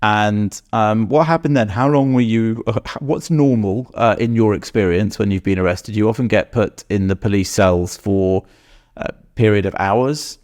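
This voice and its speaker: A man hosting an interview, asking measured questions and summarizing what his guest says. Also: lowish voice, a little mellow. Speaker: interviewer, host.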